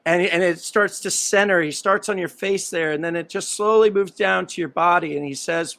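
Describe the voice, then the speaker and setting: High, gravelly-voiced male podcast host. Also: normal speed, hardly any pauses, fairly bright tone. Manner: playful, teasing. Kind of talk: casual chat.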